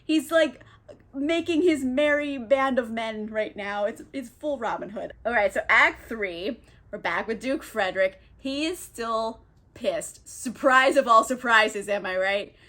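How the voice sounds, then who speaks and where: Young woman, high voice, giggly, slangy, rambling comedic book recap. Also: a little slow, a bit bright. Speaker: book youtuber.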